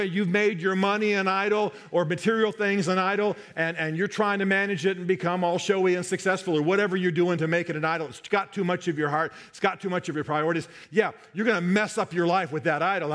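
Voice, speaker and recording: A man's voice: sits high, fairly bright tone. A man preaching a sermon, emphatic, often repeating key phrases for effect. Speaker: pastor.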